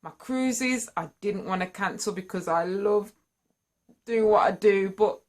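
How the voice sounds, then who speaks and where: A woman telling her own story to camera, candid and earnest, and lively when excited. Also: mid-range voice, a little slow. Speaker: singer sharing a personal story. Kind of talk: candid personal vlog storytelling.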